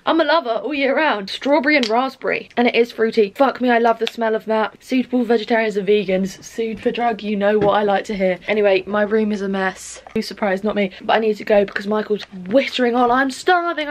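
A young woman in her twenties from England, vlogging in a rambling, chatty way and swearing casually. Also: on the high side. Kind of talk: casual chat to camera. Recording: faint background noise.

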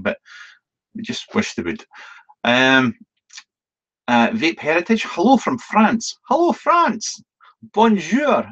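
A man rambles through a casual live Q&A stream, stumbling over restarts and filling pauses with ums. He is chatty and self-deprecating and swears now and then, at a middling pitch. The stream audio sounds dull and lo-fi. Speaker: vlogger hosting a live Q&A.

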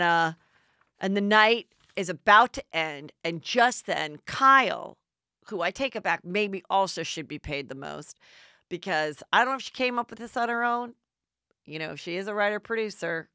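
A middle-aged woman hosts a gossip podcast, chatting her way through a recap and jumping into put-on voices for the quotes. Her voice sits a little low but comes across bright and crisp. The sound is dry and close to the mic. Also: no room sound. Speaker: podcast host.

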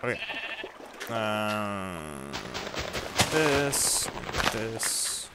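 Slow-talking man narrating his gameplay. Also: lowish voice, big pitch swings, heavy background noise. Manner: chatty, narrates his own moves, mutters to himself. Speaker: gamer playing a survival game. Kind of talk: casual let's-play commentary. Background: loud game music.

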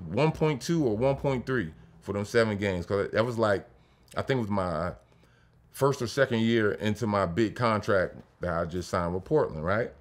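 A man in his forties, a former pro basketball player hosting a podcast, telling stories in a profane, animated way and loudly acting out what people said. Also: mid-range voice. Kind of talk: casual storytelling chat.

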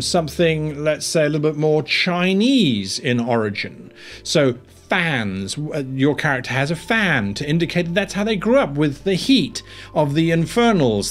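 Animated man teaching tabletop game mastering. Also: a little high. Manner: animated, rambling, thinks aloud with many restarts. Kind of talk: tabletop roleplaying tutorial.

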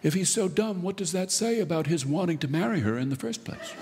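A man telling a wry, deadpan story in an unhurried live storytelling monologue. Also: high voice, slight background noise. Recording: long reverb of a live hall.

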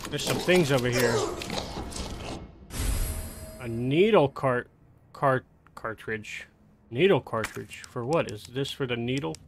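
A man's voice: medium pitch, takes it slowly, pauses often, background noise. A young man giving casual let's-play commentary, chatting and swearing freely as he plays. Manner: casual, swears a lot, grows angry and exasperated. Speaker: gameplay commentator.

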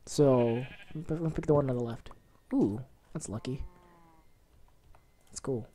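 A woman hosting a gaming channel, giving excitable let's-play commentary and reacting loudly to what happens on screen. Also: rumbling low, moderate pace, a little hiss or hum.

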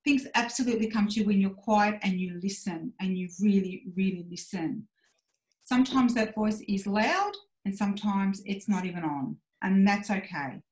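A woman's voice: medium pitch, moderate pace, darkish tone. Frank woman in her forties, roomy sound. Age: 40s. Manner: frank and self-reflective, acting out her own inner voice. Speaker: podcast guest. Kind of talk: candid personal conversation.

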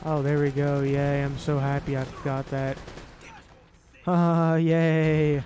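Excitable gamer guy, slow-talking, higher voice. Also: faint music behind. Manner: excitable, swears and yells at the game. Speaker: gaming YouTuber. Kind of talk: let's-play commentary.

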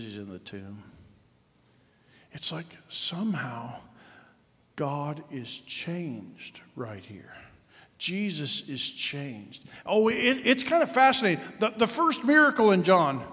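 A man preaching a sermon as pastor, telling the story conversationally, moving from sudden shouts to hushed asides. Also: on the high side. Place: church sanctuary. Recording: long church hall reverb.

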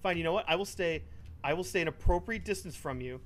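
A man in casual gaming banter, loud and excitable, swearing a lot. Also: a little high, quick pace, slight background noise. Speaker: gaming video regular.

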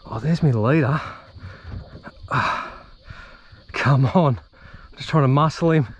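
An Australian man vlogging his fishing outdoors, excitedly talking to the fish and the viewers as he fights and lands it. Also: medium pitch, slow pace, a little hiss or hum. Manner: excitable, chatty, swears and laughs while fighting fish. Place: outdoors on the water.

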